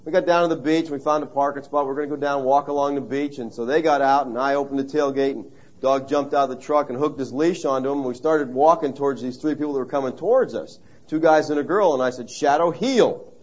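A man's voice: mid-range voice, fairly even intonation, quick pace, highs cut off. A man preaching a sermon in a conversational, story-telling way, stressing key phrases by repeating them. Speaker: pastor.

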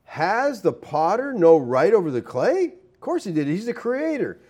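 A man's voice: high-pitched, wildly swooping pitch, moderate pace, mellow, slightly rough. A man preaching a sermon, emphatic, with many rhetorical questions and scripture read aloud. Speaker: pastor.

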